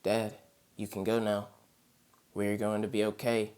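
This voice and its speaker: A man's voice: lowish voice, completely flat delivery, unhurried, clean tone, natural voice. A man reading as a tearful grown daughter. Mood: tearful, tender. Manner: pleading, gentle. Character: grown daughter, tearful and loving, saying goodbye.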